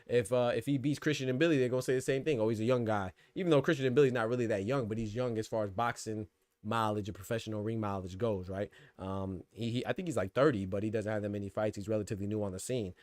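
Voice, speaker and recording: A man's voice: on the low side, steady tone, quick pace, a little mellow, dry recording. A man hosting a casual boxing podcast livestream, talking loosely in slang and laughing often. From Florida.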